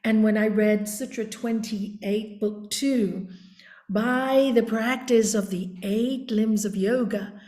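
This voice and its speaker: A woman with a warm, mellow voice speaks unhurriedly, like a teacher. She tells reflective stories as a yoga guide. Her voice sits in a roomy, echoing space. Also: mid-range voice. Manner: slow, deliberate teaching tone. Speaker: yoga teacher, interview guest. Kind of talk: reflective storytelling. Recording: roomy echo.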